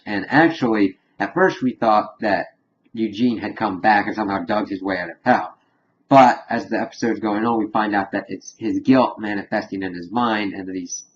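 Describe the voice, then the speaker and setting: A man giving a casual, rambling spoiler recap of a TV episode, animated and chuckling as he retells scenes. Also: lowish voice, dull audio, a little hiss or hum. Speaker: TV episode reviewer.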